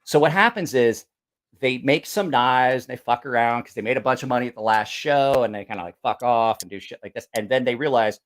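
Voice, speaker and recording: This podcast host, who also sharpens knives, speaks at medium pitch and a fairly quick pace, with no echo on the recording. In casual chat he tells blunt, foul-mouthed stories, playing every part in them himself.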